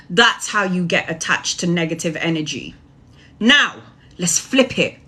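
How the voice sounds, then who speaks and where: A woman's voice: mid-range voice, a bit bright. Sweary, preachy woman tarot reader. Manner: casual, preachy, swears freely. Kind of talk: spiritual monologue.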